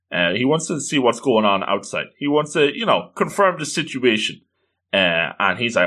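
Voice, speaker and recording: A man's voice: a little high, very animated, moderate pace, sharp tone. A man giving casual, joking commentary while reading through a manga, with chuckling asides. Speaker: manga reviewer.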